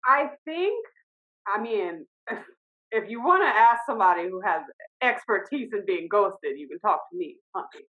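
A woman's voice: medium pitch, lively intonation, unhurried, phone-quality sound. A woman talking casually about a TV show, chatty and laughing through her lines. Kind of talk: casual TV recap chat.

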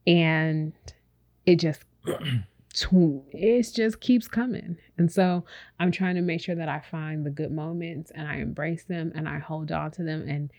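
A woman with a slightly low voice talking openly on a podcast. She rambles in a relaxed, reflective way, full of fillers, and speaks right to her listeners as if they were friends. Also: a little slow. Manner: speaks directly to listeners as "y'all". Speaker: podcast co-host. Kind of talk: casual chat.

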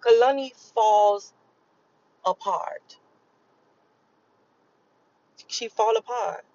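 A woman's voice: a little high, expressive, normal speed, a little mellow, muffled recording. A woman talking casually and emphatically to camera, rambling and repeating herself and swearing freely as she explains a spiritual reading. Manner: rambling, emphatic and profane, with repetitions. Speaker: vlogger giving a spiritual channeling reading. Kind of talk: casual spoken monologue.

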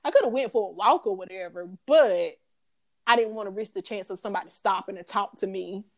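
A young adult woman co-hosting a casual podcast chat, talking to listeners as "y'all" and often breaking into loud, high laughter. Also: a little fast. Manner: casual Southern-style slang, addresses listeners as y'all. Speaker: podcast co-host.

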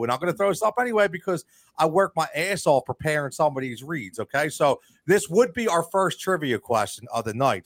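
A man with a voice on the high side hosts a sports podcast, and the recording has no room sound. It's casual sports talk with ad reads, and he gets fired up and rants, repeating words as he gets going.

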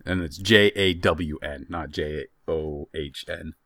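A man's voice: extremely low pitch, slow pace, a bit bright, dry recording, studio quality. A young man hosting a podcast, telling a travel story in a casual, self-deprecating way. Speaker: podcast host.

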